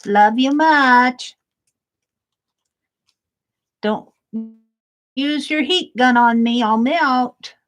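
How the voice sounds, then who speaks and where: A woman voicing a sweet little snowman ornament that fears melting, in a soft, affectionate way. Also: high-pitched, extremely slow, pauses often.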